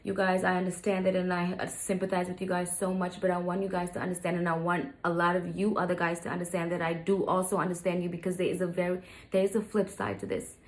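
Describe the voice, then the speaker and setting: A woman's voice: on the low side, flat delivery, fast talker, few pauses. A young adult woman telling a personal story to her viewers, candid and venting, often calling them "you guys". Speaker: vlogger.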